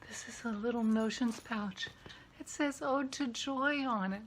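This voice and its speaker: Woman, vlog host, casual chat, gushing and excitable, higher voice, faint noise behind. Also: unhurried. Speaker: podcast host. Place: outdoors walking a dog, then indoors.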